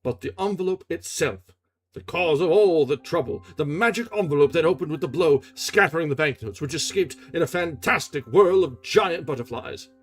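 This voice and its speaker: A man's voice: fairly high pitch, lively intonation, normal speed. A man streaming a live reading of a classic novel, narrating expressively with small restarts. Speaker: reader and streamer.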